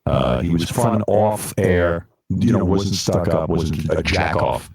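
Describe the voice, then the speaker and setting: A man's voice: low voice, takes it slowly, vocal fry, a little mellow. A man interviewing a guest in an archival clip, asking blunt, probing questions. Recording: roomy, distant archival audio.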